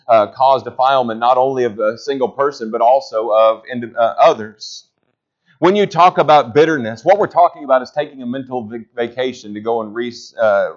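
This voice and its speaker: A man preaching a sermon, rising to loud emphatic peaks and then dropping low. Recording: slightly dull lo-fi sound.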